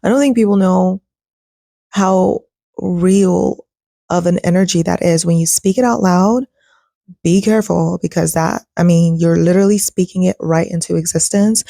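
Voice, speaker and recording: A woman's voice: on the low side, creaky, warm tone, dry recording, clean studio sound. A woman hosting a casual reaction commentary, talking to her viewers in a chatty way. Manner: chatty, addresses viewers as y'all. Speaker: host.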